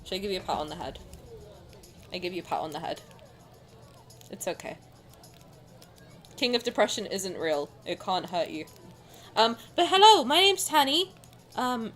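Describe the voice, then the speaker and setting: A female streamer with a bright, fairly high voice chats and reads game lines in a giggly, excitable way. Her pitch swings widely through dramatic outbursts, and faint background noise sits under her. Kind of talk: casual live-stream chat and game dialogue reading.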